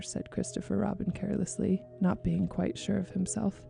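Radio lady reading a kids story, gravelly husky voice, calm. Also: mid-range voice, normal speed, few pauses, faint music behind.

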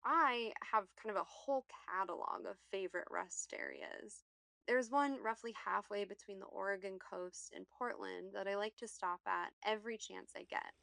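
A woman's voice: medium pitch, normal speed, gravelly, pushed and bright, no echo. A woman reading a scripted personal essay in a reflective, wry manner. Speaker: contributor.

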